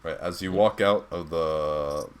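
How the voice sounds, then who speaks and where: Deep-voiced young man running a tabletop game. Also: clean tone. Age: young adult. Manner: rambling, halting, with many fillers. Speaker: dungeon master.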